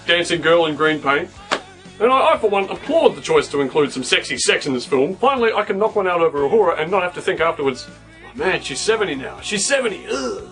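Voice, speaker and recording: A man's voice: fairly high pitch, animated, fast talker, a bit bright, soft background music. Crude, sarcastic male reviewer. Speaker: co-host, film reviewer. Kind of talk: casual comedic chat.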